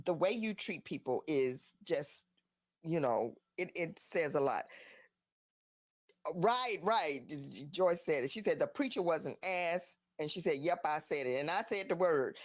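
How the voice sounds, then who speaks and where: Animated woman host, dry sound. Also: lowish voice, normal speed, no room sound. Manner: animated, incredulous rhetorical questions. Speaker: live show host. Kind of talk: casual commentary.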